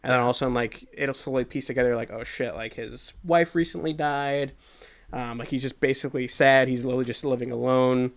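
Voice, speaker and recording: A man's voice: mid-range voice, fairly quick, vocal fry. A young man co-hosting a podcast, reviewing a movie in casual, profane chat and acting out the scenes with energy. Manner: excitable, profane, acts out scenes. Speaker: podcast co-host.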